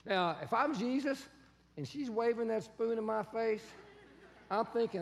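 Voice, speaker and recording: A man preaching a sermon, telling a story with acted-out voices and swinging between shouts and soft, quiet lines. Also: very high voice, a little slow, slight background noise. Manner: animated storytelling, acts out quoted voices, shifts from shouting to soft. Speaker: pastor. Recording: long reverb of a large hall.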